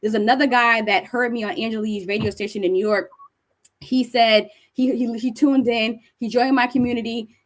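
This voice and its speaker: A middle-aged woman from New Jersey giving a conference talk, high-energy and animated as she tells stories to the audience. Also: moderate pace. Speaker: speaker presenting to an audience. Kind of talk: conference presentation.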